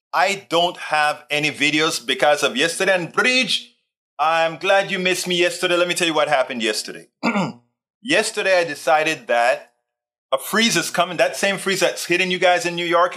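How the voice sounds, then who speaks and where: A man's voice: on the high side, normal speed, pushed and bright. A man hosting a casual live stream, chatting in a rambling way and reading out viewer comments. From Texas. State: tired, sore back. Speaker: livestream host.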